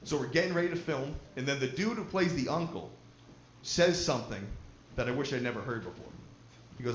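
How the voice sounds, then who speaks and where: A man's voice: mid-range voice, animated, brisk, echoey room, highs cut off, slight background noise. A man doing a stand-up comedy set, telling a profane story and bantering with the crowd. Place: live comedy venue.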